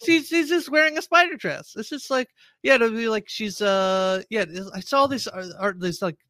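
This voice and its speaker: A man co-hosting a podcast, chatting casually about movies, rambling and quick to laugh. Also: high-pitched, bright, forceful tone, no echo, studio quality. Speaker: podcast co-host.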